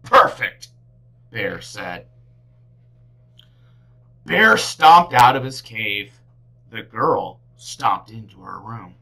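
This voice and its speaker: A woman teacher reading a picture book aloud to children, with big expressive swings in her delivery. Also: rumbling low, drawn-out words, vocal fry, pauses often, low-quality recording. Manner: animated, big swings for characters.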